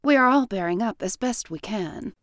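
A woman's voice: mid-range voice, expressive, moderate pace, dry recording, clean studio sound, natural voice. A woman voicing a composed young widow from a period story who speaks in a cool, clipped, polite way. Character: composed, guarded young widow hiding her feelings.

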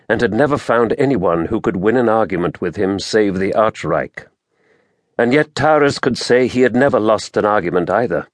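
A man narrating a fantasy audiobook in a measured, dramatic storytelling manner, recorded close to the mic. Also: on the low side, no echo.

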